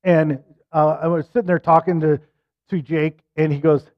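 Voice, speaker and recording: A middle-aged man preaching a sermon and telling a personal story, animated and self-deprecating. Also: a little high, normal speed. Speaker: pastor. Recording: muffled lo-fi recording.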